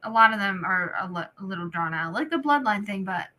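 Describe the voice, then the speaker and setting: Young female guest, bright tense voice, laid-back hedging chat. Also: medium pitch, lively intonation, fairly quick. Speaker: podcast guest. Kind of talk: casual chat.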